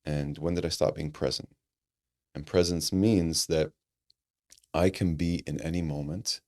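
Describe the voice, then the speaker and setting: Deep-voiced man, earnest podcast storyteller, animated delivery with restarts. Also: measured pace, pauses often. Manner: animated, acts out quoted dialogue, frequent restarts; earnest and reflective. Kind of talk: conversational storytelling.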